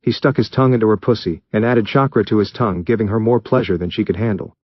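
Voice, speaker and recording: A man reading fan fiction aloud in steady, even narration. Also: lowish voice, quick pace, dry recording, dull audio. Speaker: story reader.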